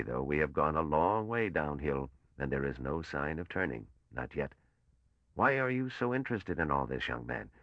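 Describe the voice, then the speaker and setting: An older man's voice, played by a man, as a bitter and weary old patrician who speaks slowly. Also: extremely low pitch, no echo, muffled recording.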